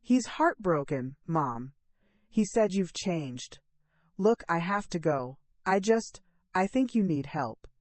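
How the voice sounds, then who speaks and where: A woman's voice: fairly low pitch, sing-song, slow pace, darkish tone, dry recording. A woman voicing a cold, angry adult son. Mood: dismissive. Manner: tight, clipped, accusing. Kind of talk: audio story narration.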